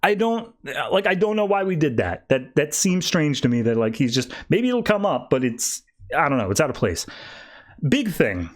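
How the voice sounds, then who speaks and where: Animated man recapping a comic. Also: on the high side. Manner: animated retelling, voicing characters in quick asides. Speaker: podcast host.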